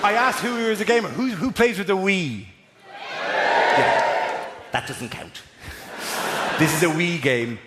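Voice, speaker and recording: An Irish stand-up comedian on a theatre stage, spinning riffs and acting out scenes in a high, wildly lively voice. The live recording carries clear background noise. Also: male voice. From Ireland. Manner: rapid rambling delivery with acted-out bits.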